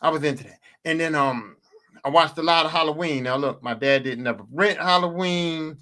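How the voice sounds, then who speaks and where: A man tells stories in a fairly high, bright, edgy voice. He talks loosely and profanely, circling back over his lines for emphasis and swinging between hushed and loud. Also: moderate pace. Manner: animated, profane and repetitive. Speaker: podcast host. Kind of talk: casual storytelling monologue.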